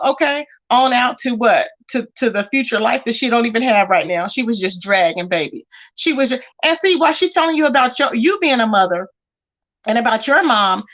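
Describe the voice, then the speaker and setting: A woman's voice: a little high, fairly bright tone. A woman casually chatting on a livestream, reading out viewer comments and calling her audience y'all and baby.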